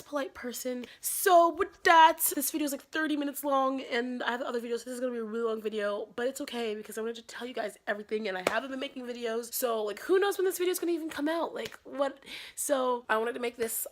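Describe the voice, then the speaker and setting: Chatty young woman vlogging. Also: on the high side. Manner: chatty, says "like" constantly. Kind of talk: casual storytime vlog.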